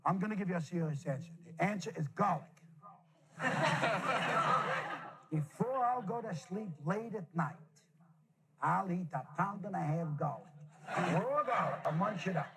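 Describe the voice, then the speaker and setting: A comedian playing an ancient, bragging two-thousand-year-old man who rambles and kvetches, answering audience questions. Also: high-pitched. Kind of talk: improvised comedy character Q&A.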